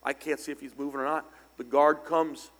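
An older man preaching a storytelling sermon, speaking conversationally with sudden loud, emphatic bursts. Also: on the high side, level tone, fairly quick. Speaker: pastor. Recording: long church hall reverb.

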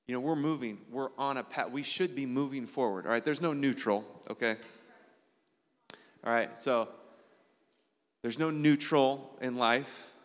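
A man's voice: unhurried, pauses often. Earnest preacher man in a reverberant hall. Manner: checks in with listeners through frequent tag questions; earnest, animated preaching with sudden jumps in pitch. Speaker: pastor. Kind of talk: conversational sermon.

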